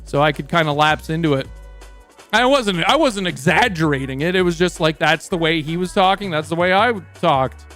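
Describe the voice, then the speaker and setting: A man's voice: on the high side, expressive, normal speed, a bit bright, faint music behind. A young Canadian man with a Canadian accent, chatting on stream, rambling and swearing freely as he tells a story. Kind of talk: casual stream chat.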